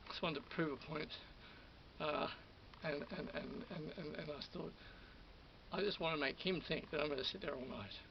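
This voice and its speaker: Speaking at a normal pace with vocal fry, this fairly high-voiced male vlogger tells a meandering personal story to camera while still pumped with adrenaline. He quotes others along the way, repeating and restarting a lot. The camera or phone mic yields lo-fi sound with a faint hiss.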